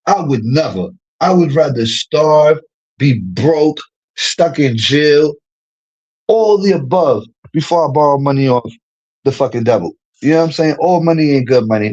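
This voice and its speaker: A man, ranting in casual livestream chat, slangy and animated, laughing often. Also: on the high side, husky, lo-fi sound. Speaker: streamer.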